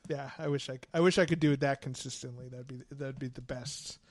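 A man co-hosting a podcast, enthusiastic and quick to laugh as he asks a guest about his work. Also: medium pitch, fairly even intonation, no room sound, clean studio sound. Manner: enthusiastic, laughs often, asks fan questions. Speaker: podcast co-host. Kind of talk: casual podcast interview.

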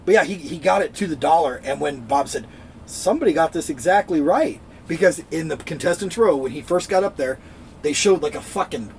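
A man's voice: on the high side, lively intonation, fairly quick, creaky, a little mellow, a little hiss or hum, low-quality recording. A man co-hosting a casual podcast chat, a profane, rambling storyteller who acts out what people said. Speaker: podcast co-host.

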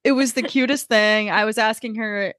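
A woman's voice: fairly high pitch, fairly even intonation, moderate pace, a bit bright, dry recording, clean studio sound. A woman co-hosting a podcast, telling a travel story in a chatty, casual way full of "like.". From Portuguese family heritage. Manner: chatty storyteller, heavy use of "like". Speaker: podcast co-host. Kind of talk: casual chat.

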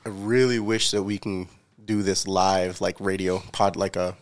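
A man's voice: low voice, level tone, moderate pace, clean tone. A man co-hosting a podcast in casual chat, joking and chiming in. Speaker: podcast co-host.

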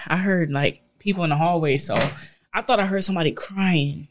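A woman's voice: on the low side, normal speed, background noise. Young woman, casual chat, profane storytelling, laughs a lot.

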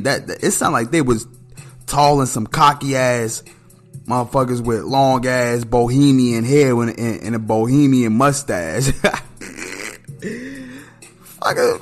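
A man hosting a casual solo podcast, talking bluntly and profanely and leaning on "man" as filler. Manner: animated, pitch jumps when outraged or amused.

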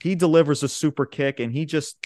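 Male podcast co-host, hyped rambling recapper, swears a lot, slightly high voice. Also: fairly quick, dry recording, clean studio sound. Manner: excitable, swears often, says "bro" and "man"; rambling play-by-play retelling. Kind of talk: casual chat.

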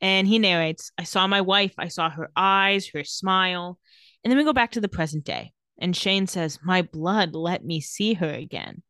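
A woman's voice: on the low side, fairly bright tone, smooth, no echo, clean studio sound. Playful woman recapping a show. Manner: playful, quick to laugh, acts out quotes lightly. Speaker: podcast co-host recapping a TV episode. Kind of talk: casual chat, retelling scenes.

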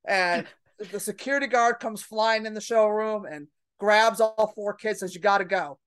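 A woman's voice: medium pitch, unhurried, clean tone. A woman comedian telling a club story in a casual podcast chat, brash and profane, acting out the people in it. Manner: brash, profane, animated storytelling with acted quotes. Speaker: stand-up comedian.

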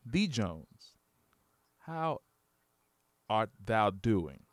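A man's voice: lowish voice, very animated, extremely slow, no echo. A man co-hosting a podcast in casual, joking chat, often restarting his sentences. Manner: playful, joking, full of restarts. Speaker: podcast co-host.

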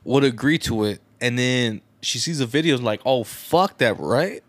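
A man's voice: medium pitch, measured pace, no room sound. A man co-hosting a podcast in crude casual banter, full of slang and profanity, acting out little scenes as he talks. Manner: profane, slangy, tells acted-out scenarios. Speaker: podcast co-host.

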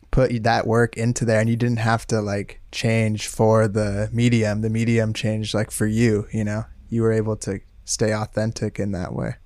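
Guy hosting a chill interview, deep smooth voice, dry sound, lots of like and you know. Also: dry recording. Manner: relaxed, affirming, many likes and fillers. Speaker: interviewer, host. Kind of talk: casual interview conversation.

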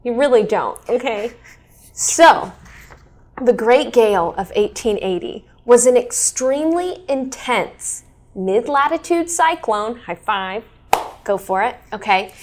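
A woman in her thirties hosting a casual chat, explaining history in a lively, chatty way. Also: fairly high pitch, slow pace, slight background noise. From Kansas City area. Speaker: weather show host.

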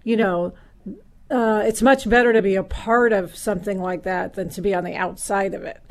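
A woman's voice: mid-range voice, steady tone, moderate pace, slight background noise. Easygoing woman podcast co-host. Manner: easygoing, conversational with fillers. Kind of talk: casual podcast conversation.

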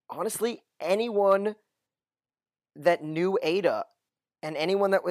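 A man's voice: fairly high pitch, no room sound, studio quality. A man co-hosting a casual podcast, going through a TV episode and asking his co-host questions. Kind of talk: casual TV recap chat.

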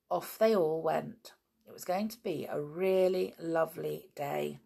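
A woman's voice: low voice, a little slow, vocal fry, mellow, slightly rough. A woman reading a children's book aloud, with chatty asides to her listeners. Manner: chatty, informal asides between passages. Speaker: storyteller.

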